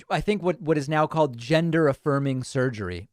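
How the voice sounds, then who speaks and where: Sarcastic animated man in a dry studio. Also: fairly high pitch, fairly quick, few pauses, no echo. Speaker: host reacting to a clip. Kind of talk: live commentary on a video clip.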